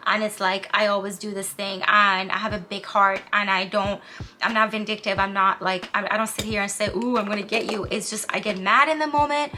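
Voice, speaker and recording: A woman's voice: medium pitch, steady tone, fairly quick, pushed and bright, slight background noise. A woman talking candidly to camera while doing her makeup, a vlogger and spiritual counselor sharing heartfelt, self-soothing advice.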